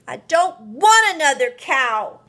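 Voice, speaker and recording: A woman voicing a stubborn, upset little boy in a storybook, loud and pleading. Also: high voice, big pitch swings, slow, voice pushed up, exaggerated voice. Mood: insistent.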